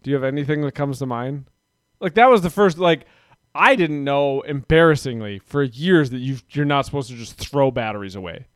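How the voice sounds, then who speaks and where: A man's voice: medium pitch, animated, brisk, clear, resonant tone, no echo, clean studio sound. A man chatting casually on a podcast, rambling and self-deprecating as he talks. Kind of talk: casual chat.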